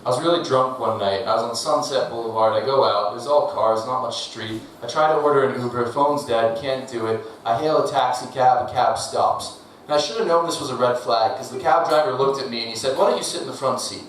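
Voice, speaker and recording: A man performing a stand-up comedy set on a club stage, delivering jokes deadpan with laughing asides. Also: mid-range voice, a little fast. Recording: echoey club from a distant mic, audible noise.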